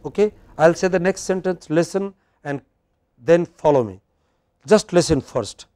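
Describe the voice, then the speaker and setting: A man teaching English word stress in a classroom, patiently modelling words slowly and prompting his learner. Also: fairly high pitch, lively intonation, mellow, dry recording, clean studio sound. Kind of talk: classroom drill lesson.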